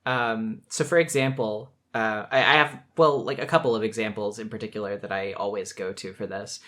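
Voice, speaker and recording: A man hosting a casual chat, talking animatedly, laughing often and jumping up in pitch to act out quoted lines. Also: steady tone, a little fast, a bit bright. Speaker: podcast host.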